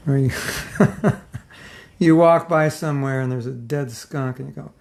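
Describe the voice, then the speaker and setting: Speaking at a measured pace, this middle-aged man has a mid-range, creaky voice that's slightly mellow. He's running an informal spiritual class full of humor, kidding around with the audience and mimicking their responses in a chatty, playful way.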